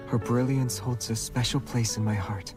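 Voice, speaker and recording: Male actor as a calm, guarded young man in a game; soft delivery, game music playing clearly underneath. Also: medium pitch, normal speed, natural voice. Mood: wistful. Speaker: game character. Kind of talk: game voice acting.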